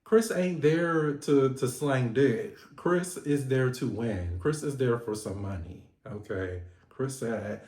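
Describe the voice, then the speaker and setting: A man hosting a casual reality TV recap vlog, animated and sassy, laughing and swearing often. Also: mid-range voice, takes it slowly, few pauses. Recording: echoey room.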